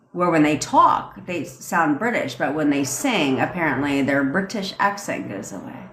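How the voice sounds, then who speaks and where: Woman, low voice, lively swooping pitch, profane, rambling, laughs a lot, echoey room. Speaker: manifestation coach. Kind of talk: casual livestream chat answering comments.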